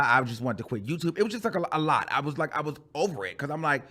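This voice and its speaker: On his channel, a male YouTuber delivers a storytime rant in a chatty, animated manner. His voice is fairly high and brisk, and he calls the listener "girl" and repeats phrases for emphasis.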